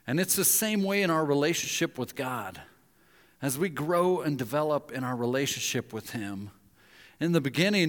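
A pastor with a fairly high voice preaches a sermon at a moderate pace, telling stories and animatedly acting out the voices of the people in them. A long hall reverb hangs on the recording.

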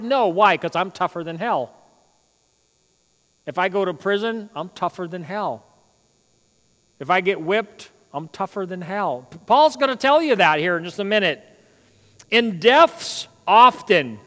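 A male pastor preaching a sermon, swinging between loud, emphatic runs and quiet, joking asides. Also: sits high. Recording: long reverb of a large hall.

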